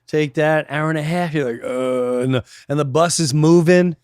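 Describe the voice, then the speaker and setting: A middle-aged man chatting casually on a podcast as a guest comedian, an animated storyteller who acts out voices and swings from loud bursts to near whispers. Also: a little high, normal speed, smooth, no echo, clean studio sound. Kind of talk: casual chat.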